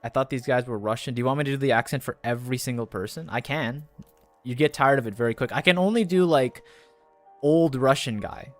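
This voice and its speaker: Guy streaming a game, chatty and rambly, kinda self-deprecating, mid pitch. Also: a little fast, faint music behind. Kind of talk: casual commentary while gaming.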